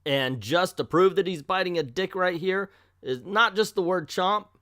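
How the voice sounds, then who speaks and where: A man's voice: high voice, normal speed, fairly bright tone, no echo, studio quality. A man casually reviewing an old comic book, joking irreverently and reading captions aloud.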